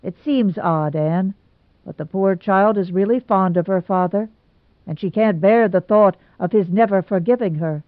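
A woman's voice: medium pitch, moderate pace, dry recording, close to an everyday voice. A woman voicing a gloomy, lovesick young man, earnest and emphatic as he pours out his woes. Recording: tinny phone-like sound, dry.

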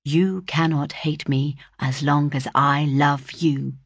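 A woman reading the part of a sulky, defiant young gentleman who turns indignant, muttering some lines. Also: sits low, level tone, slow pace, husky, no echo, clean studio sound, exaggerated voice. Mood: pleading.

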